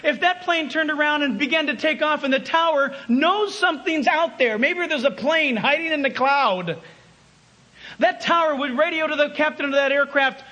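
A man preaching a sermon, emphatic, swinging between loud calls and hushed asides. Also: extremely high pitch, moderate pace.

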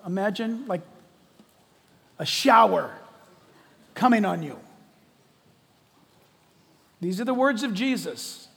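A man preaching a sermon as pastor, swinging from shouting to hushed, quiet lines. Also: high voice, animated, takes it slowly, gravelly, long pauses. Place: church sanctuary. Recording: long reverb of a large hall.

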